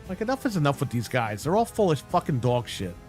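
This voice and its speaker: A man's voice: a little high, very animated, fast talker, a little mellow, soft background music. A man ranting angrily and bluntly on a live stream, swearing heavily and mocking the people he argues with. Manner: angry, blunt and heavily profane, mocking voices he quotes. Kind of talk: profane rant on a live stream.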